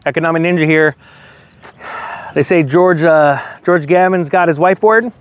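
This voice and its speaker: A man's voice: fairly high pitch, normal speed, dry recording. A man hosting his own finance video in a casual, chatty way, a little out of breath, with sarcastic asides. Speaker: finance YouTuber host. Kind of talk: casual direct-to-camera commentary.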